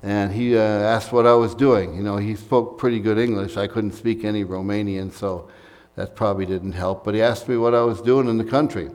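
Here another American pastor delivers a conversational sermon full of fillers and asides, recorded in a church sanctuary with a big-room sound. He has a fairly low, steady, slightly mellow voice and keeps a brisk pace.

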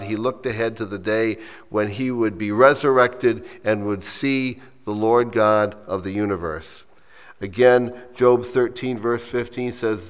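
A man preaching a sermon as pastor, reading quoted lines slowly and with emphasis, then dropping to soft asides. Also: fairly low pitch, clear, resonant tone, long reverb tail.

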